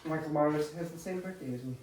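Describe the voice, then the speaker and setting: A man in his forties joking around as a podcast guest, now and then putting on mocking voices for the people he quotes. His voice sits a touch high for a man. He sounds set back from the mic in a very echoey room. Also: fast talker, a little mellow, slight background noise. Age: 40s. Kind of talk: casual podcast chat. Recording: roomy echo, far from the mic.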